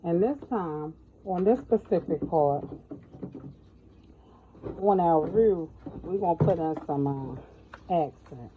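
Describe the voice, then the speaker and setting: A woman's voice: lowish voice, lively intonation, takes it slowly, pauses often, phone-quality sound, slight background noise. Chatty middle-aged woman cooking at home. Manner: folksy, chatty, keeps addressing viewers as y'all. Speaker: home cook. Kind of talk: cooking tutorial. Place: home kitchen.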